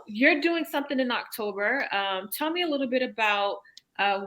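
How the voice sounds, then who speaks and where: A woman hosting a podcast, chatting in an animated way with frequent laughs and many fillers. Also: fairly high pitch. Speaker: podcast host, therapist. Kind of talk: casual interview chat.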